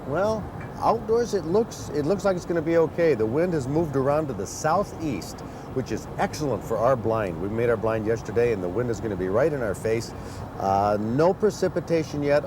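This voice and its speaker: A man hosting an outdoor show, reporting on location in a groggy early-morning voice, chatty and plain-spoken. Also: mid-range voice. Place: in a vehicle on a highway before dawn. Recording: road and vehicle noise. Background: passing traffic.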